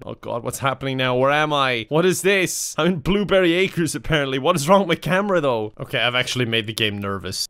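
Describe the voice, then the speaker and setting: A young Irish man giving joking, excitable let's play commentary, laughing often. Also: fairly high pitch. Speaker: gaming YouTuber.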